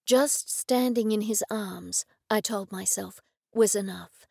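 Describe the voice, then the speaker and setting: A woman audiobook narrator telling a first-person story with expressive, intimate delivery. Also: mid-range voice, slow pace, vocal fry, breathy edge, no room sound, studio quality.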